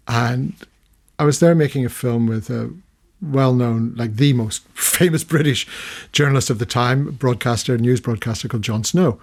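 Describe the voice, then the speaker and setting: An older man from the United Kingdom speaking as a radio interview guest, his voice husky and middle-pitched. He tells stories at length, growing animated, with frequent restarts as he searches for words. Recorded on a studio microphone. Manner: storytelling, animated when recounting, many restarts. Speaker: interview guest, retired documentary filmmaker. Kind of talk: long-form radio interview.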